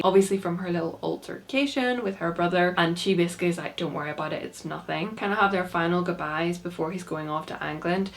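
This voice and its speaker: A young woman chatting casually through a plot recap, peppering her talk with "like". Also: lowish voice. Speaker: book reviewer.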